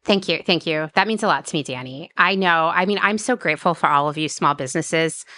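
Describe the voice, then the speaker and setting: A woman's voice: low-pitched, a little fast, bright, forceful tone, dry recording. A woman hosting a podcast, talking in a candid, earnest, casual way with lots of "like" fillers. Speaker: podcast host. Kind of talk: casual conversational podcast chat.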